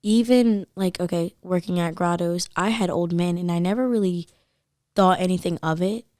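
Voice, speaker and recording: Podcast guest, woman in her 20s, animated storyteller, slightly low voice, dry booth sound. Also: normal speed, no room sound. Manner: animated, says "like" a lot. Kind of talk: casual storytelling chat.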